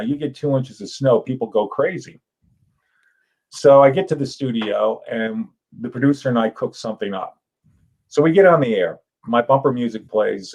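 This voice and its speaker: Older male guest, animated storyteller who acts out voices. Average pitch. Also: highs cut off. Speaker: author and guest. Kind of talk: casual storytelling.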